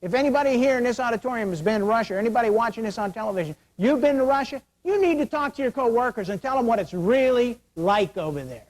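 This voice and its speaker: A middle-aged man with a very high-pitched, expressive, darkish voice talks fast with few pauses, giving a security awareness lecture to an auditorium. He jokes and poses rhetorical questions while losing his voice, which is wearing thin. The recording is low quality.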